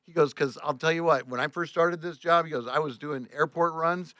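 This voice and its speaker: A man, a tour bus driver, telling a story on a podcast in a casual, animated and profane way, acting out both sides of a conversation. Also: a little high, a little fast, dry recording, clean studio sound. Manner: animated, profane, reenacts dialogue with "I go, he goes".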